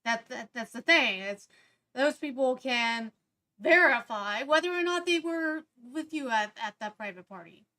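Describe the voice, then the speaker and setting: A woman's voice: high-pitched, lively intonation, a little slow, bright, forceful tone. Skeptical woman co-host. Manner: skeptical, challenging. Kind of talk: casual talk-show chat.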